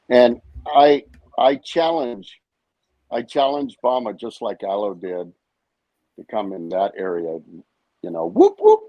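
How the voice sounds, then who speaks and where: A man's voice: fairly low pitch, no echo, lo-fi sound. A man co-hosting a live stream, ranting in a brash, profane, confrontational way. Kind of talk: heated live-stream rant.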